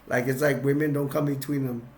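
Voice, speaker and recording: A man's voice: medium pitch, little pitch movement, fairly quick. A man with an ordinary mid-range voice retells a film in a loose, casual way. He rambles, restarts his sentences and chuckles often. The sound is roomy, with noticeable echo. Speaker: film reviewer.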